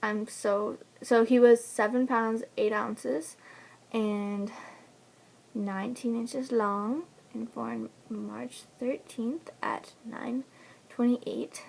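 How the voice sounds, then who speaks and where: A woman's voice: fairly high pitch, fairly even intonation, very slow, gravelly, darkish tone, a little hiss or hum. A young woman casually telling the story of giving birth, chatty and laughing often between fillers. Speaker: new mother telling her birth story. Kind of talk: casual personal vlog storytelling.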